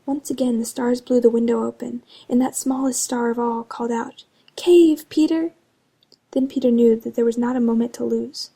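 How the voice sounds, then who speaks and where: Brief: quiet woman narrator, husky and flat, reading a bedtime story. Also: on the high side, a little fast, hardly any pauses. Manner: hushed, partly whispered. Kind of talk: soft-spoken storybook reading.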